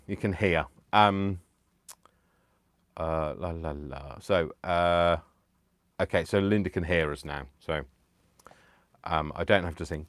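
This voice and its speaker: A man's voice: deep voice, dry recording. A man hosting a casual live stream, chatting to viewers in a rambling, self-deprecating way from home. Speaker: livestream host making digital crafts.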